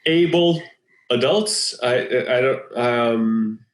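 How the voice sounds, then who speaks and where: A man co-hosting a podcast, telling an animated story in casual chat and laughing often. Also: fairly high pitch, measured pace. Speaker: podcast co-host. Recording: roomy echo.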